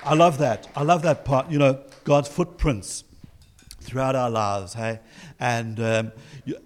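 A South African man preaching to his congregation. His pitch sits in the ordinary middle range for a man. He presses his points with rhetorical questions and warm encouragement. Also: steady tone, a little slow. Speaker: pastor. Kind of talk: sermon.

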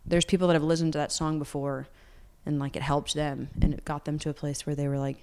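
Chatty low-voiced young woman. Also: flat delivery, fast, a little mellow, clean tone. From Atlanta, United States. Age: 20s. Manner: chatty, rambling with many fillers and laughs. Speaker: singer-songwriter guest. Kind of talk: casual interview chat.

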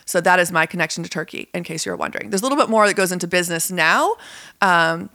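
A woman's voice: fairly low pitch, fast talker, pushed and bright, soft background music. A woman hosting her own podcast, chatting in an upbeat, encouraging way and leading listeners through positive affirmations. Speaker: podcast host. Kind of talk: casual solo podcast talk.

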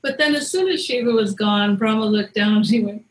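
A woman's voice: on the high side, fairly quick, poor audio. A woman host telling a myth in a casual, wry and playful way, like chatting with friends. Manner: wry, conversational, playful retelling. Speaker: storyteller and podcast host. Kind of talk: casual mythology storytelling.

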